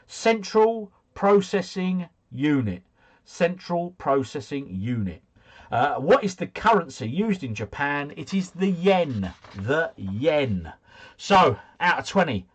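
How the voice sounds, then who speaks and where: A man hosting a trivia quiz, reading out questions and answers and adding chatty, joking asides. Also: mid-range voice. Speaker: quiz host.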